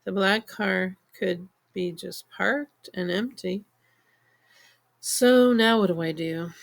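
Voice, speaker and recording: A woman narrating a novel in the first person, in measured storytelling. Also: medium pitch, creaky. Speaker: audiobook narrator. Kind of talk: scripted audiobook narration.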